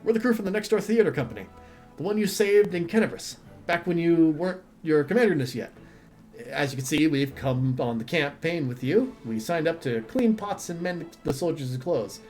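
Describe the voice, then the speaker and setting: A man's voice: a little high, moderate pace, soft background music, lightly acted. A man voicing a bossy, theatrical old female dwarf who runs a theater troupe. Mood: chattering. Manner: chattering, theatrical, excitable.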